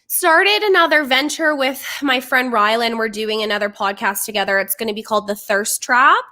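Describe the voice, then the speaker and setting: Bright-voiced chatty young woman. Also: a little high, normal speed. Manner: chatty, frequent "like" fillers, laughs easily. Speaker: podcast guest. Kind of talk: casual chat.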